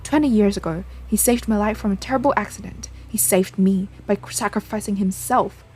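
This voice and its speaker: A woman's voice: mid-range voice, a little fast, a little mellow, slight background noise, lightly acted. A woman reading aloud the lines of a grieving young woman haunted by a ghost in a game, in an earnest, pleading way.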